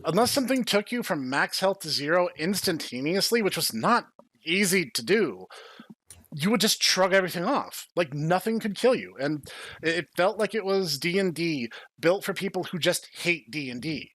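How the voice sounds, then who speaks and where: A man hosting a casual podcast, telling stories in a chatty way with quick filler-laden asides. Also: sits high, very animated, fairly bright tone, dry recording. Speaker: podcast host.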